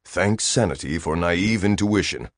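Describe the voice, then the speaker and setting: Male reader as a sour alien officer: nasal, low, deadpan. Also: measured pace, no echo, studio quality.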